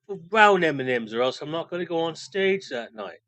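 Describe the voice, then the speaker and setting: A man voicing a boastful, unflappable middle-aged British rock roadie who tells wild tales in a deadpan way. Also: fairly high pitch, brisk, dry recording, pitched above the performer's own voice. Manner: deadpan tall-tale telling.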